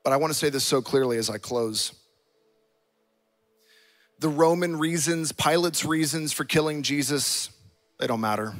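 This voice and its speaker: Impassioned male preacher, higher voice. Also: measured pace, long pauses, faint music behind. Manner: impassioned preaching, acting out scripture dialogue. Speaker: pastor. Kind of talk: sermon. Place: church auditorium.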